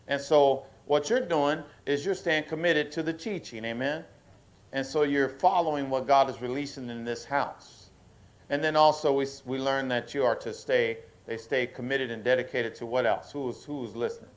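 Pastor preaching with call-and-response. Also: male voice, medium pitch. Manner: call-and-response preaching, asks the congregation to affirm; slows down and rises in force for emphasis. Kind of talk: sermon. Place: church service.

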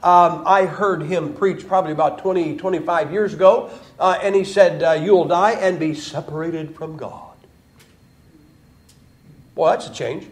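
Male preacher, high-pitched, emphatic folksy sermon delivery with mocking asides. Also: normal speed. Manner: quotes others in mocking voices. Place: church.

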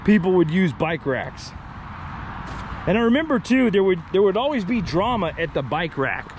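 Man vlogger, high and lively, rambling outdoors on a camera mic, traffic faint behind. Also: moderate pace. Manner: excitable, swears freely, chatty asides. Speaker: paranormal explorer vlogger. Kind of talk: walking vlog narration to the camera.

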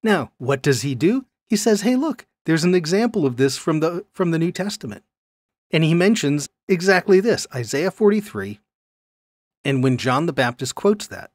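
A man teaching a Bible lesson on video in an animated way, often checking in with his listeners. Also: mid-range voice, no room sound.

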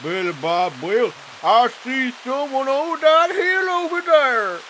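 A woman's voice: high voice, lively intonation, takes it slowly, a bit bright, slight background noise, heavily acted. A woman playing a scared young hillbilly team member with a quavering voice. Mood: pleading.

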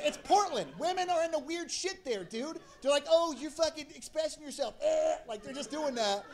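A man telling a rambling, profane story on stage as a stand-up comedian. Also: extremely high pitch.

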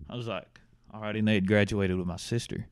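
A man's voice: lowish voice, fairly even intonation, quick pace, smooth, no echo, studio quality. A young man, an actor guest, telling his story in a casual, easygoing interview chat. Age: young adult.

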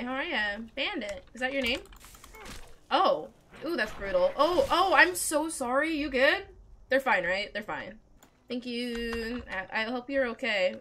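A woman narrates her gaming session in a casual, excitable let's-play style and chats with the characters on screen. Her voice sits high and sounds bright and sharp. Her pitch leaps around animatedly. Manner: chatty and excitable, talks to game characters. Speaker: gamer playing a role-playing game.

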